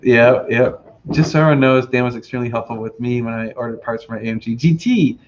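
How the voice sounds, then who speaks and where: A man's voice: mid-range voice, quick pace, slight background noise. A man, hosting a casual livestream chat and rambling with lots of fillers. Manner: relaxed, rambling with many fillers. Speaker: host. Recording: slightly dull lo-fi audio.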